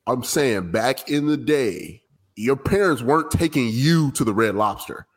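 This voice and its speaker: A man's voice: medium pitch, animated, measured pace. A man co-hosting a podcast, chatting casually in a playful, goofy way with slang. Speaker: podcast co-host. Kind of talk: casual chat.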